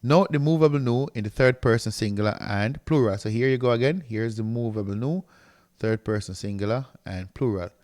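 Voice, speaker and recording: A man's voice: medium pitch, a little fast, darkish tone. A man teaching a recorded grammar lecture, explaining step by step and often checking in with "right?" while he reads from a textbook and writes on a board. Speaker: Greek teacher.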